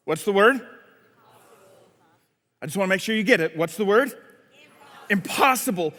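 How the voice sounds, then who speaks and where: A man's voice: high voice, animated, normal speed, long pauses, fairly bright tone. A male pastor preaching a sermon, telling the story dramatically and acting out scenes, recorded in a church with long reverb. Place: church sanctuary.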